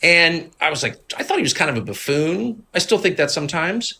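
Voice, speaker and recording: A man in his fifties, a guest in a conversational interview, who tells stories with animated, mocking impressions of other people. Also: brisk, vocal fry. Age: 50s. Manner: animated storyteller, acts out others in high mocking voices. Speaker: interview guest, media figure.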